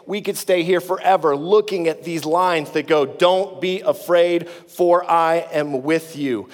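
A man preaching in a fairly high voice, talking to the congregation like a conversation. He sinks low and soft for the comforting lines. The sound carries a long reverb from a large hall. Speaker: pastor. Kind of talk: sermon.

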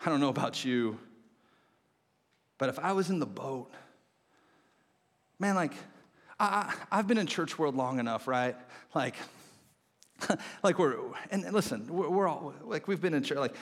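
Young male pastor, lively sermon delivery, high voice, long church-hall echo. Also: unhurried, long pauses. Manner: animated storytelling, swings between excited and hushed. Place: church auditorium.

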